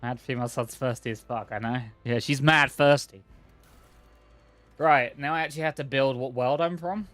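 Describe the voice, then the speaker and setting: A man's voice: mid-range voice, fast talker, few pauses, soft background music. A man streaming a video game, thinking aloud and reacting casually, sometimes swearing or reading in-game text. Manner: chatty, profane, thinks aloud. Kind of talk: casual gameplay commentary.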